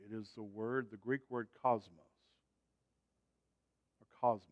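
A man preaching a sermon, swinging from loud, emphatic calls to quiet, drawn-out phrases and asking the congregation to respond. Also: fairly low pitch, fairly even intonation, dull audio.

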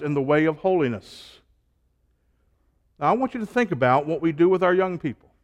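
A man preaching a sermon, stacking emphatic repeated phrases and dropping to a low, quiet delivery between them. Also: expressive, brisk, pauses often, muffled recording.

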